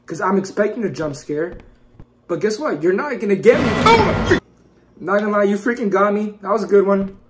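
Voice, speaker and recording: Jumpy man yelling through a horror game. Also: sits high, brisk, heavy background noise. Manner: jumpy and excitable, yelps at scares then mutters to himself; trash-talks the game with constant mild cursing. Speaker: gaming YouTuber. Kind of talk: let's-play horror game commentary.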